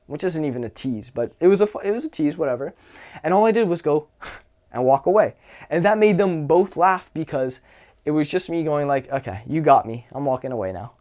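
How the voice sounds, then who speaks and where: A young man with a somewhat high voice talks through dating advice in a relaxed, unscripted way. He swears freely and keeps slipping into quoted lines from his own stories. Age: young adult. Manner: loose and profane, acts out anecdotes with quoted voices. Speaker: social skills coach. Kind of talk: casual advice monologue.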